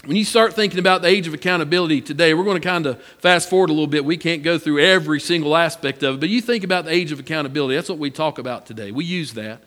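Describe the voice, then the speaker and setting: A man's voice: on the high side, very fast, few pauses, fairly bright tone, in a large hall. A man preaching a sermon, a folksy storyteller who repeats his phrases. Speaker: pastor.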